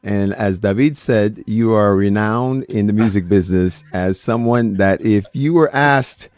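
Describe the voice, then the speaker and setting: A radio host with a low voice asks his guest questions and backs him up with quiet murmurs. The sound is dry and close, with no room echo. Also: unhurried, clear, resonant tone. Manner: soft backchannels, laughs along. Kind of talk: interviewing.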